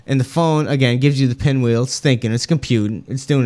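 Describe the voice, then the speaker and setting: A man's voice: mid-range voice, brisk, darkish tone. A young man at a tabletop game, eagerly chiming in over the others. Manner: eager, interjecting chatter. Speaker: player. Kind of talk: casual tabletop game banter.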